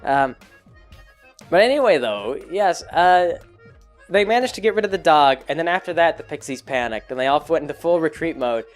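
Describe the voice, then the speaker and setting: A man's voice: on the high side, expressive, moderate pace, faint music behind. A man casually recounting a tabletop campaign he ran as game master, rambling with many fillers. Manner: rambling, full of fillers and restarts. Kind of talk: casual chat.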